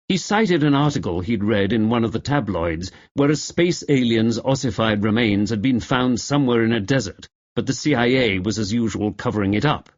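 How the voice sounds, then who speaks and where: A male audiobook narrator with a mid-range voice and a very lively, varied delivery that carries a wry edge. The recording is slightly dull and lo-fi. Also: lowish voice, normal speed, few pauses, no room sound. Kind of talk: scripted narration.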